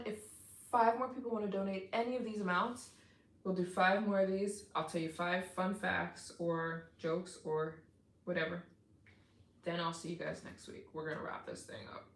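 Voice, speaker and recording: A woman's voice: lowish voice, roomy sound. A woman live streaming, chatting casually with viewers and thanking them for donations, tired and yawning.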